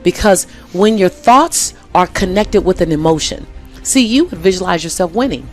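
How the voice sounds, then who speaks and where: A woman's voice: lowish voice, animated, normal speed, soft background music. A woman guest in a conversational interview, speaking emphatically and repeating key phrases for effect.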